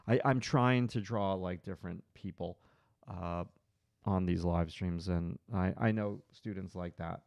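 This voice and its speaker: A man's voice: sits low, steady tone, a little slow, darkish tone, dry recording. A man hosting a live drawing stream, thinking aloud as he draws and chatting with viewers in his chat.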